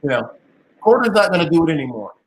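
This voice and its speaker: A man hosts a live interview show in a jovial, teasing manner. His speaking voice sits fairly high for a man. He keeps the talk lively and playful. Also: fast talker, a little hiss or hum. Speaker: host.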